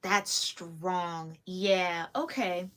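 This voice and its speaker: A woman's voice: lowish voice, extremely slow. Casting note: woman, solo tarot reader, casual and chatty, frequent giggles. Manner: chatty, giggly, lively asides. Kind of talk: casual tarot reading to camera.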